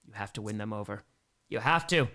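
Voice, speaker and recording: A man's voice: fairly low pitch, expressive, fairly quick, pushed and bright. A man giving casual play-by-play on a live stream, chatting with viewers and answering their donation messages between plays. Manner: plays called in a plain announcer tone.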